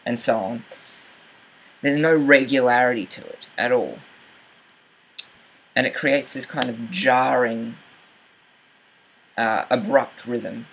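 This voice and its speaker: A man's voice: medium pitch, slow, long pauses, fairly bright tone, slight background noise, low-quality recording. A young man talking through how to read a poem closely, hesitant, with fillers and self-corrections. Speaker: writing channel host. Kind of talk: casual explanatory talk with poetry reading.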